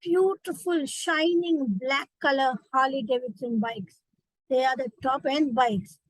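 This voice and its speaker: A woman's voice: sits high, steady tone, measured pace, no room sound, poor audio. A woman with an Indian accent, a memory trainer, guiding listeners through a vivid imagined story. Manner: vivid storytelling, direct address. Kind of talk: guided visualization lesson.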